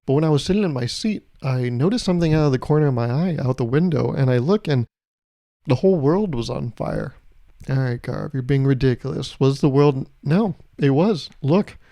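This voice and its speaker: A man's voice: on the high side, lively intonation, a little fast, dark tone, no echo. A young man hosting his podcast, telling a travel story in a casual, comedic way with exasperated, swearing rants. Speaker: podcast host.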